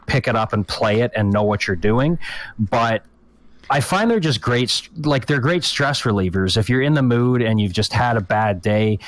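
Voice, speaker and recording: A man's voice: mid-range voice, dry recording. A man co-hosting a casual podcast who hesitates with many ums, then explains steadily. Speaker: podcast co-host. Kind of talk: casual chat.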